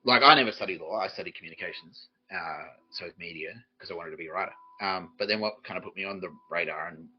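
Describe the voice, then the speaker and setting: A man's voice: sits low, quick pace, few pauses, breathy edge, highs cut off. An Australian man hosting a podcast, answering listener questions in a rambling, profane way and laughing often at himself. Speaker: podcast host.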